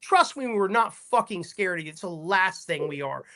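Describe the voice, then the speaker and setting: A man venting loudly and with lots of swearing as a guest on a livestreamed chat show, speaking from home. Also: high voice, lively intonation, normal speed. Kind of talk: livestream chat, profane rant.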